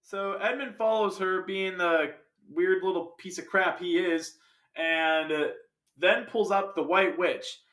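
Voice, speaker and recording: Dude rambling thru a movie review, bright tense voice, kinda echoey room. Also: male voice, sits high, steady tone, slow. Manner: rambling, jokey, sidetracked asides. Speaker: film reviewer. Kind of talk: casual film review.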